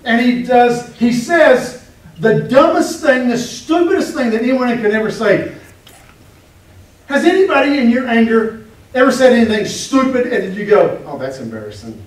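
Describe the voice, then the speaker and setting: A male pastor preaching a sermon, animated and joking as he acts out the story's quotes. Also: extremely high pitch, moderate pace. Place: church hall. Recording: echoey room, mic at a distance.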